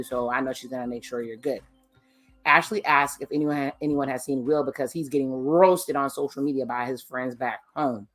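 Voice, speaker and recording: A woman's voice: deep voice, a bit bright. A woman recapping a TV episode with candid, chatty asides, speaking on camera. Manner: candid, chatty, blunt commentary. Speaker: TV episode reviewer. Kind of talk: casual recap with personal asides. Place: indoors, on camera.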